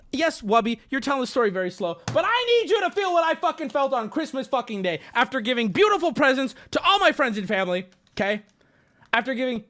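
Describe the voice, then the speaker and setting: A man streaming live, telling an exasperated story with lots of swearing and sudden high jumps in his voice. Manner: animated, indignant, swears a lot.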